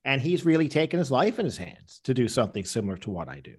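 A man's voice: medium pitch, big pitch swings, quick pace, darkish tone, breathy edge. A man answering interview questions with rambling anecdotes, acting out the people he quotes. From Canada. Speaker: interview guest, comedian.

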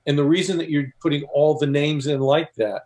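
A man's voice: a little high, fairly even intonation, brisk, darkish tone. A man co-author on a discussion panel, explaining steps and telling anecdotes.

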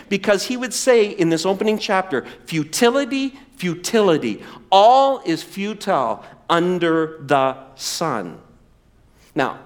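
A male preacher delivering a lively sermon in a high, sweeping voice. He acts out the quoted speakers with dramatic swings in pitch. Now and then he calls on his audience to say a word back to him. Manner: animated, acts out quoted voices, asks the audience to repeat words. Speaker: pastor.

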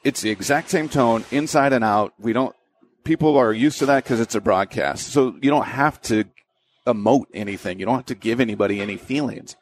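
A young adult man, a sports broadcaster and voiceover announcer, talks through his career in a relaxed way, with many fillers and restarts. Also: mid-range voice, a little fast, no room sound. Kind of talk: conversational interview.

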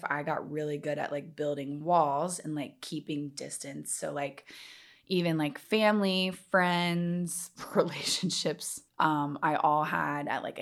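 A young woman who works as a yoga trainer appears as a podcast guest, candidly telling her story in a rambling, filler-heavy way. Her voice is low and gravelly, and the talk is casual interview storytelling.

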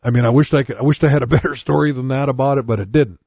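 A man's voice: medium pitch, racing, creaky, a little mellow, dry recording. A man in his sixties preaching, telling his own conversion story in a plain, earnest way and speaking straight to his listeners. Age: 60s. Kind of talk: personal testimony sermon.

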